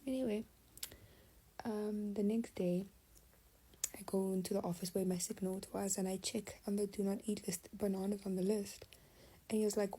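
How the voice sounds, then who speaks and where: A woman's voice: mid-range voice, normal speed, long pauses, slightly rough, poor audio. A young adult woman, telling a personal story in casual storytime style, often dropping to a half-whisper. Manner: confiding, animated retelling, often half-whispered.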